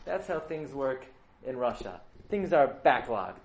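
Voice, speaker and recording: A man giving a storytelling sermon to a live audience, animated and jokey, often putting questions to the listeners. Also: mid-range voice, a little slow, slight background noise, rough recording.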